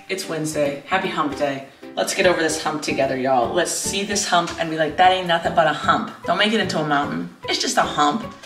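A vlogger talks casually to camera at home in a daily vlog, rambling playfully and poking fun at herself. Her voice sits low and sounds reverberant.

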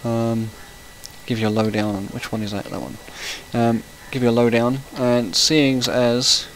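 A chatty man talks his way through a gaming session at a middle pitch. He rambles through stories and breaks off now and then to react to what happens in the game. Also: flat delivery, unhurried, a little hiss or hum, poor audio. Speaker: gaming channel host. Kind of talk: casual let's-play commentary.

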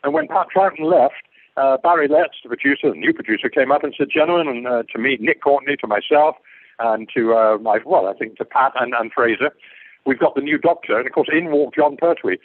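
Older Englishman on a husky, tinny call line. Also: medium pitch, brisk. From England. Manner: digressive, repeats words, loses his thread. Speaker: guest actor. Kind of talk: rambling interview anecdotes. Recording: muffled phone-like call line.

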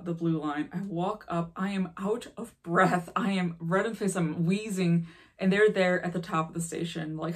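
Woman, 30s, from the Chicago area, slightly low voice, casual and candid vlogger who acts out quotes. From Chicago area, Illinois. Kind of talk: casual life-update storytelling.

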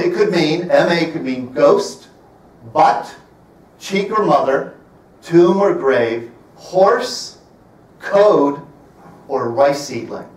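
Fifties male presenter, wry storyteller, slightly high voice, distant roomy mic. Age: 50s. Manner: wry storyteller, slows to stress points. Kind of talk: storytelling public talk. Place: library event room.

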